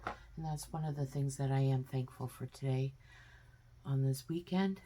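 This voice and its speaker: A woman's voice: very deep voice, fairly even intonation, moderate pace, warm tone. A woman at home in her kitchen, giving a chatty, homey step-by-step cooking demonstration with plenty of fillers. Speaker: home cook vlogger.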